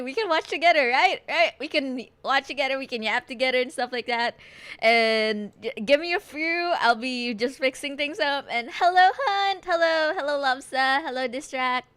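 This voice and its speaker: A young woman streaming a watch party, gushing and talking fast, often shrieking with excitement. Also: high-pitched, no echo. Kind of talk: excited casual chat.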